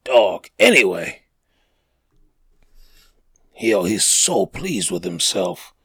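A slangy male podcast host who rambles through casual chat, full of fillers and restarts. His fairly low voice leaps up and down in pitch, with a husky grain, recorded dry and close. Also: sing-song, drawn-out words, a bit bright, no echo.

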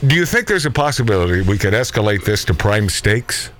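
Middle-aged male talk radio host, lively pitch, rambling and jokey. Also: a little fast, a little hiss or hum. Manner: rambling, joking, laughs often. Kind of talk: casual talk radio banter.

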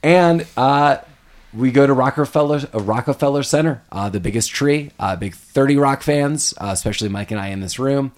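Animated man recapping a movie. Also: medium pitch, moderate pace. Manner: animated retelling, acts out characters' lines. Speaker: podcast host. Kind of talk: casual movie recap chat.

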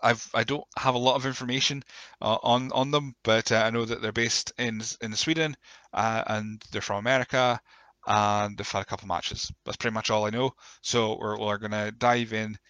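A man hosting a live solo podcast, with a croaky voice, chatting in an excitable, rambling way and often correcting himself. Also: on the low side, normal speed, no echo. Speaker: podcast host.

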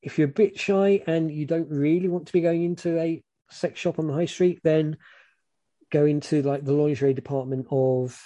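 A British man giving frank, relaxed advice in casual chat, rambling with many fillers. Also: fairly high pitch, moderate pace, muffled recording.

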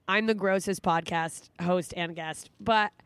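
A woman's voice: on the low side, measured pace, fairly bright tone, slight background noise. A woman in her thirties hosting a podcast, talking candidly and emotionally in casual chat, swearing often. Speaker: podcast host.

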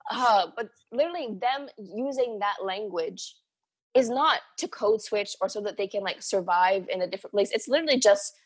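A young woman from the Bahamas co-hosting a podcast, chatting in an animated way and saying "like" and "literally" a lot. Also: medium pitch, moderate pace, husky. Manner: animated, says "like" and "literally" often. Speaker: podcast co-host. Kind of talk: casual chat.

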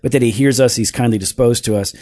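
A man of middle pitch talking through ideas on a podcast, laying out his points one by one and tossing in "right?" to keep his partner along. The sound is close and dry, with little room around it. A dry, teasing humor slips into his explanations. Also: fairly even intonation, fast talker, warm tone, dry recording. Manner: teaching, explains step by step with frequent "right?". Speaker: podcast co-host. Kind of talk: casual theological discussion.

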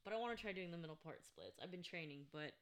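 A woman's voice: lowish voice, lively intonation, fast, a little hiss or hum. A woman chatting casually on a podcast, giggling as she talks. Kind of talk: casual chat among friends.

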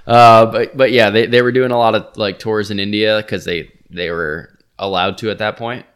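Low-voiced dude on a podcast, stumbles and restarts a lot, laid back chat. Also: male voice, steady tone, moderate pace, a bit bright, clean tone. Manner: hesitant, restarts often. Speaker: podcast co-host. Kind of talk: casual wrestling podcast chat.

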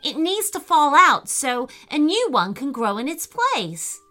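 A woman's voice: high voice, sing-song, measured pace, bright, forceful tone, voice pushed up, heavily acted. Woman voicing an earnest, kind young boy. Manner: earnest, concerned.

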